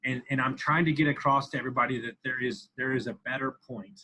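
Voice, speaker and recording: Man, 30s, husky, bright forceful voice, emphatic, swears a lot. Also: medium pitch, steady tone, fast talker, poor audio. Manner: intense, profane, emphatic, repeats himself. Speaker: podcast guest. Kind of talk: candid interview talk.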